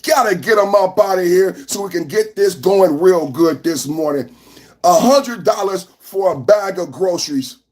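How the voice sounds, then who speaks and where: A man hosting a live-stream political podcast, ranting loudly with lots of repetition and sing-song chanting at his chat. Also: high voice, expressive, normal speed. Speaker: podcast host.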